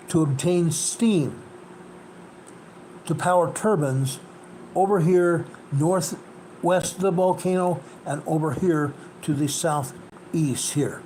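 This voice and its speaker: A man's voice: fairly high pitch, warm tone, a little hiss or hum, low-quality recording. A man hosting an earthquake report, narrating over a map in an emphatic way and repeating key points. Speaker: host.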